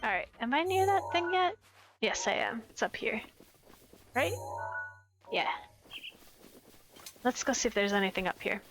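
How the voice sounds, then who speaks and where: A woman's voice: on the high side, sing-song, unhurried, long pauses, over music, low-quality recording. A woman in her twenties from the United States, chatting casually and playfully while streaming a game. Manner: rambling, playful, self-commenting. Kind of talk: casual gameplay chat.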